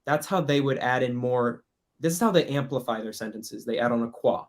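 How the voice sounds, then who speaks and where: A man's voice: mid-range voice, brisk. A man chatting casually over a video call as he teaches French. He laughs often and slips into playful voices when he quotes people. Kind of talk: casual online workshop talk.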